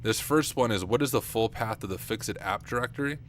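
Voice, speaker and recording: A young man streaming live at night and thinking aloud as he works, chatty and self-deprecating with viewers, his voice getting rough. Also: on the low side, a little fast, slight background noise. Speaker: streamer, penetration tester. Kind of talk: casual live-stream talk while working. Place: home computer room at night.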